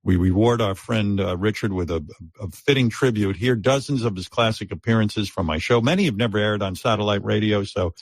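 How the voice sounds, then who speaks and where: A radio host man delivering relaxed, halting end-of-show announcements. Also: on the low side, dry recording.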